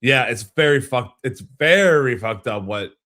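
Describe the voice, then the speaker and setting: A man's voice: mid-range voice, lively intonation, unhurried, bright, forceful tone. A man hosting a reaction video, talking loosely with lots of fillers and restarts as he comments on a clip. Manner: rambling, full of fillers and restarts. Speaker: commentary host.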